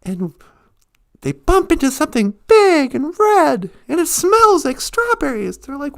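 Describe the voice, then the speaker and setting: A woman telling a humorous story on a live stream, animated and joking, laughing along the way. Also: high-pitched, a little slow, creaky.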